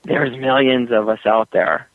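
A man being interviewed as an author, telling stories with frequent laughs and lively shifts in tone. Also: a little slow, dry recording. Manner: animated storyteller, laughs often, puts on high doggy voices. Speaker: author guest. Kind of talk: interview over the phone. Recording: tinny phone line.

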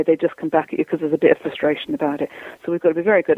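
A woman's voice: low voice, little pitch movement, rapid-fire. A woman dog trainer giving advice in an interview, chatty and explanatory, acting out what owners and dogs say. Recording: tinny dry phone line.

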